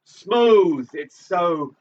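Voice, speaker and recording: A man's voice: sits high, lively intonation, very slow, slight background noise. Playful camp man hosting a game show. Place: small club stage. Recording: distant, dull lo-fi stream audio.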